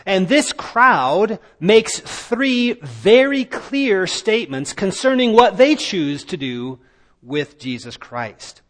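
Male preacher, high pitched and unhurried, emphatic sermon delivery; long hall reverb. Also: big pitch swings. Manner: emphatic, rising to loud declamation.

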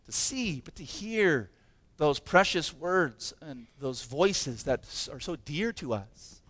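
A man's voice: a little high, lively intonation, slow pace, fairly bright tone, dry recording. A man preaching a sermon as pastor, impassioned and emphatic, with many rhetorical questions.

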